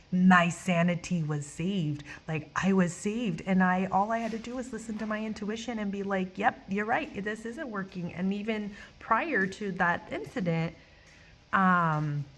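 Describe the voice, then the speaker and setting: A woman vlogger telling a personal work story in a casual, emotional way, acting out the people she quotes and swearing now and then. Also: lowish voice. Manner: animated, acts out quoted voices, swears; emotional, near tears at times.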